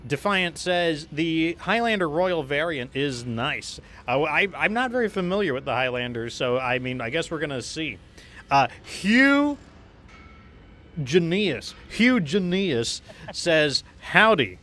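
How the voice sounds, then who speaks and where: A man's voice: a little high, normal speed, pushed and bright. A man hosting a live game stream, chatting casually in a rambling way, reading out viewer messages. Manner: rambling, many fillers and restarts, reads chat aloud. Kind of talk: casual live-stream chat while gaming.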